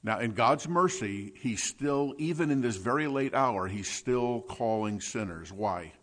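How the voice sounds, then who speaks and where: A man preaching a sermon as a pastor, teaching from scripture with repeated words and shifts between soft asides and louder points. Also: mid-range voice, animated, unhurried.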